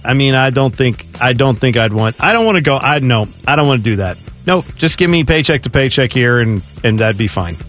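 Man, radio co-host, chatty and laughing, animated pitch, soft music underneath. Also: fairly quick, hardly any pauses. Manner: laughs often, answers thoughtfully with asides. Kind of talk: casual sports-radio banter.

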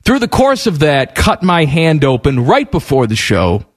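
A man co-hosting a sports radio show, telling a story in an animated, playful way. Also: a little high, normal speed. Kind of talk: casual chat.

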